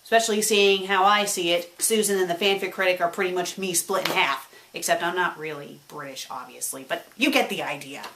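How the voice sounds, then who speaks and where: A woman who runs a web show, answering her viewers' questions in a casual vlog. She talks in an animated way, swings between excited and subdued, and repeats words when she stumbles. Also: on the low side, a little fast, hardly any pauses, a little hiss or hum.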